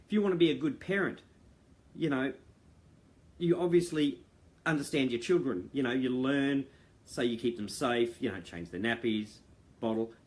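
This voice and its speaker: A man's voice: mid-range voice, normal speed, long pauses, a little mellow. Middle-aged man, earnest rambling talk to members over a video call, lots of fillers. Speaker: founder addressing members. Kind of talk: casual monologue to viewers. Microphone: video call mic.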